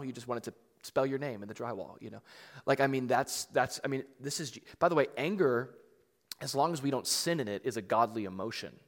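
A man preaching to a congregation with loose, chatty phrasing and lots of "like" and "you know". His voice sits at an ordinary middle pitch. The sound carries a long reverb tail from a large hall. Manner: conversational preaching, filler-heavy and emphatic. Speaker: pastor. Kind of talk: sermon.

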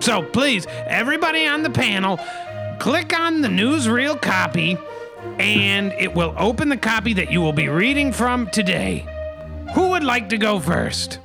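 High, bright, animated man hosting comedy. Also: measured pace, vocal fry, over music. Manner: mock-serious, leads the bit. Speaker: podcast host. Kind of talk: comedic banter.

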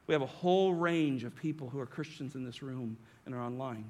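A pastor preaching a sermon to his congregation, emphatic, often tagging lines with a rhetorical "right?" and slowing down on key phrases. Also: fairly high pitch. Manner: varies pace and volume, slowing on key phrases. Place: church sanctuary.

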